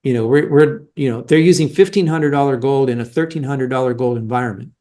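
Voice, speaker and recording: A man's voice: mid-range voice, quick pace, mellow. A middle-aged man giving explanatory interview answers as a mining analyst, emphatic and argumentative, with frequent restarts.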